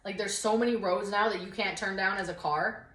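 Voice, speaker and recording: A young woman co-hosts a casual chat and rants, worked up and sarcastic, peppering her talk with "like". Her voice sits at an ordinary middle pitch. The room around her rings with a noticeable echo. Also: steady tone, brisk, a bit bright. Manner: worked-up, sarcastic ranting with lots of "like". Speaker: podcast co-host. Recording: roomy echo.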